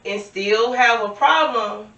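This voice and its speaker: A woman's voice: on the high side, takes it slowly, pushed and bright. A woman on a chat panel, explaining her point earnestly and at length. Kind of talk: casual debate chat. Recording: roomy, distant mic.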